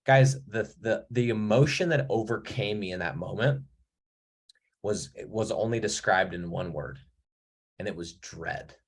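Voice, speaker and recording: A man in his thirties, acting as a mentor, gives his viewers a blunt, profane motivational talk to camera, telling a story with mounting emphasis. His voice is lowish and husky, and he speaks unhurriedly.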